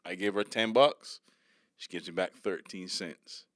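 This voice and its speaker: A man's voice: sits low, a little slow, dry recording, clean studio sound. A man telling funny stories in casual podcast chat, acting out the people he met. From West Indies. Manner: animated storytelling, acts out voices. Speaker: comedian guest.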